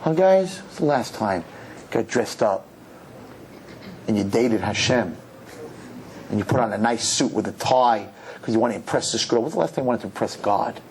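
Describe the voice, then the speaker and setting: A rabbi giving a humorous sermon to young people, telling stories and jumping into high, mocking voices. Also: male voice, normal speed, long pauses, a little hiss or hum. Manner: animated storyteller, jumps into high mocking voices. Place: synagogue hall.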